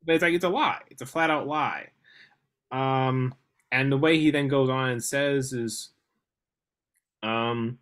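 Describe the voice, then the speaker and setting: A man's voice: medium pitch, a little slow, pauses often, smooth. A man in a casual book discussion, talking with lots of hesitation and restarts, sometimes reading passages aloud. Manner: animated, hesitant, many restarts and fillers. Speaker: podcast co-host discussing a novel.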